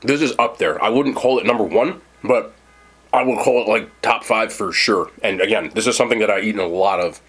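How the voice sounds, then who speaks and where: A man's voice: lowish voice, fairly quick, fairly bright tone, husky. A man hosting a casual mukbang food review, chatting to viewers while he eats. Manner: chatty, talks while eating. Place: seated indoors at home.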